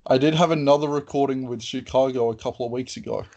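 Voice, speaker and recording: A man's voice: mid-range voice, fairly even intonation, fast talker, a little mellow. A man hosting a podcast, chatting casually and often hesitating with ums while he thinks aloud. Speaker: podcast host.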